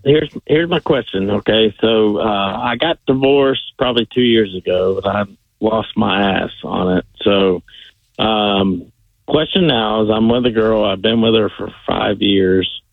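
Low gravelly man on a phone line. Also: measured pace, dry recording. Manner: hesitant, lots of fillers. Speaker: caller. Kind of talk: phone-in call.

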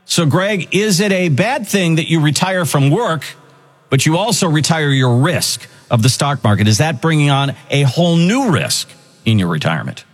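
A man hosts a financial radio show with an upbeat, promotional delivery. His pitch moves a lot and his tone is husky. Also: big pitch swings, normal speed.

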